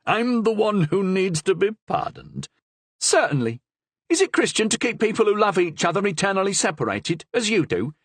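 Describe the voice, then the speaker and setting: Cheeky Languedoc young woman, voiced by a male narrator, fast retorts, no fear. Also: very animated, husky, no echo, heavily acted. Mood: bold. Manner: high, bold, talks back. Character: feisty young woman, sharp-tongued, fearless.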